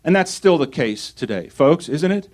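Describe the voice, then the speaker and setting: A man's voice: fairly high pitch, lively intonation, normal speed, darkish tone. A male pastor preaching a sermon, reading scripture aloud and putting rhetorical questions to his congregation.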